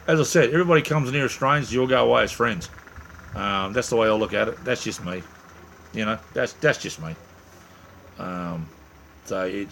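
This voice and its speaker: Chatty Australian man, low voice. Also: gravelly, a bit bright, a little hiss or hum. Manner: rambling, chatty, jokey, with many restarts. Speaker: livestream host. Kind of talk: casual live chat reading viewer comments.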